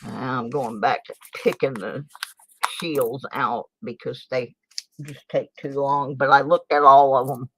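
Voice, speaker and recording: Older woman host, unhurried desk chat, self-deprecating asides, faint hiss under it. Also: rumbling low, fairly even intonation, fairly bright tone, low-quality recording. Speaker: channel host, coin roll hunter. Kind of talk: casual livestream chat while sorting coins. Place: home desk in a small town.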